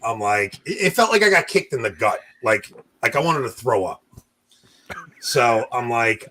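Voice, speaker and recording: A man's voice: medium pitch, sing-song, normal speed, bright, forceful tone, slight background noise. A man from New York hosting a casual podcast, telling rambling stories and laughing often. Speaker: podcast host.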